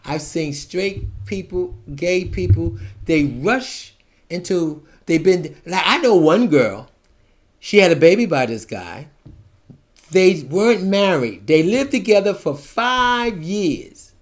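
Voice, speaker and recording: A man in his seventies giving a rambling monologue to camera, ranting and digressive, with sudden swings from soft asides to loud outbursts. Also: high voice, lively intonation, takes it slowly. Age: 70s. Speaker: vlogger.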